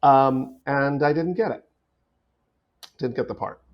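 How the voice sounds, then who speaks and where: A man's voice: mid-range voice, slow pace. A middle-aged man talks through his career in a podcast interview, circling back on himself with lots of stammered restarts. His voice sits in an ordinary middle range, and the audio comes across dull and lo-fi. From United States. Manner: thoughtful, many restarts and repeated words. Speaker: guest actor.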